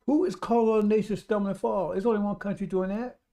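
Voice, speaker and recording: A man's voice: sits high, fairly even intonation, quick pace, mellow. A man preaching a radio sermon, emphatic and repetitive, speaking straight to his listeners.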